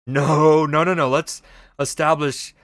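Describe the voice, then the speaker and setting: A young man with a fairly high voice chats playfully while streaming a game, joking around and answering viewers in a loose, casual way. His voice is close and dry, with no room sound at all. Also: fairly even intonation, takes it slowly, fairly bright tone, no room sound. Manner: playful, jokey, reads chat aloud. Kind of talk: casual gaming stream chat.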